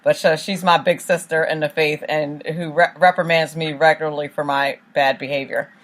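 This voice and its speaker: A woman's voice: sits low, fairly even intonation, normal speed. A woman hosting her own online show, chatting casually, laughing often and saying "right" a lot. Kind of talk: casual interview chat.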